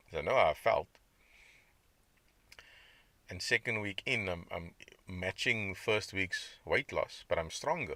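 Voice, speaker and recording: A low, gravelly man hosts his own podcast, talking freely in a rambling, conversational way. His voice has a bright, forceful edge, and he reacts to chat comments as he goes. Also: no room sound. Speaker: podcast host. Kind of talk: casual diet podcast monologue.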